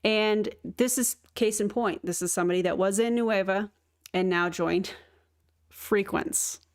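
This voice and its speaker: A woman hosting a reaction commentary, talking back to clips in a sarcastic, joking way with quick asides. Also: mid-range voice. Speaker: commentary host.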